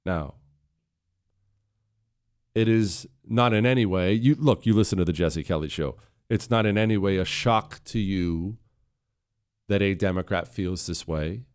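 A man's voice: low-pitched, unhurried, pauses often, smooth. A man hosting a radio talk show, delivering impassioned political commentary into a studio microphone. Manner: impassioned, building to heated emphasis.

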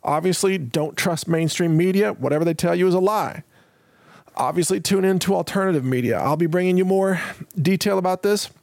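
A man's voice: high-pitched, a little fast, gravelly, a little mellow, no room sound, studio quality. A male show host giving assertive commentary.

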